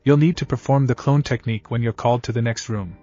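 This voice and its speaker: A man's voice: mid-range voice, quick pace, mellow, dry recording, close to an everyday voice. A man voicing a patient but stern male ninja teacher who lectures his class, muffled, faint music.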